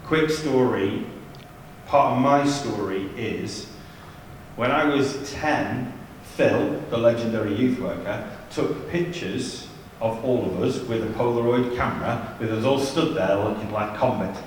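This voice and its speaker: A man's voice: mid-range voice, measured pace, slight background noise. Man telling stories in an echoey church. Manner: chatty, humorous storytelling with asides. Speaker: youth ministry leader giving a seminar. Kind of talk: anecdotal church seminar talk. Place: large church hall. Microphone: distant from the mic. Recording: echoey church hall from far off.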